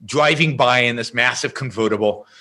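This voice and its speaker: A middle-aged man, a podcast guest, telling a story in an emphatic, animated way. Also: medium pitch, normal speed.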